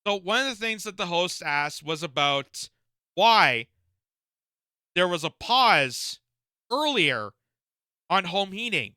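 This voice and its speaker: A man's voice: sits high, big pitch swings, slow, long pauses, bright, forceful tone, clean tone, dry recording, studio quality. A man from Canada giving indignant reaction commentary, firing off rhetorical questions with frequent fillers. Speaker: political commentator.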